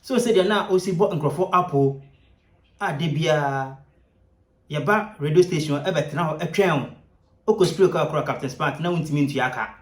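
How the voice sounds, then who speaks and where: Scornful commentator in a roomy space. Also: male voice, fairly high pitch, normal speed.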